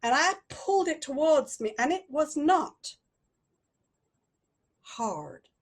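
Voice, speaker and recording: A woman improvising a story live, telling it dramatically with long pauses. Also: sits high, very animated.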